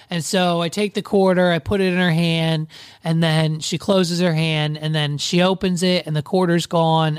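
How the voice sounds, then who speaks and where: A man's voice: high-pitched, clean tone, no echo, clean studio sound. A young man, a wedding DJ, casually telling a long story in a rambling way full of fillers and asides. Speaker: podcast host and wedding DJ.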